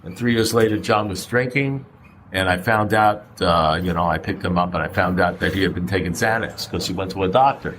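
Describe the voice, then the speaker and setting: Middle-aged man, low-pitched, blunt and conversational, rhetorical questions, recovery meeting share, faint background noise. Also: brisk, fairly bright tone, low-quality recording.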